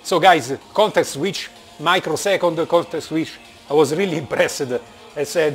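Animated Italian-accented man, slightly high voice. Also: unhurried, soft background music. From Italy. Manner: animated, joking, blunt, with frequent fillers. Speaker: vlogger. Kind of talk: casual vlog monologue. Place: indoors, working in Germany.

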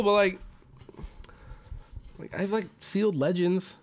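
A man chatting on a live stream with a fairly high voice that swings wildly up and down. He is excitable and swears casually, often jumping into loud, pitched-up outbursts before dropping back to easy chat. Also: normal speed, pauses often. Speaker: streamer opening card packs.

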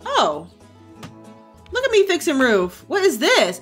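A young woman streamer giving casual gameplay commentary, excitable, gasping and swearing freely. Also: high voice, a little slow, soft background music.

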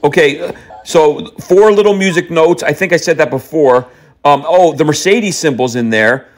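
A man placing a prank call in a slightly raised voice, reeling off absurd lists with a straight face. His delivery is deadpan and rambling, quietly playful. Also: fairly high pitch, moderate pace. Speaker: prank caller.

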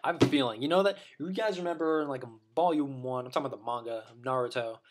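A man's voice: medium pitch, fast, background noise. A man delivering a rambling, profane opinion rant as a vlogger, full of restarts and blunt insults.

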